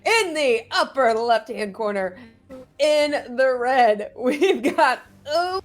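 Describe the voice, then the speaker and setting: A woman's voice: high-pitched, animated, slow. A woman co-casting a live game, teasing and giggly in her banter. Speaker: esports co-caster.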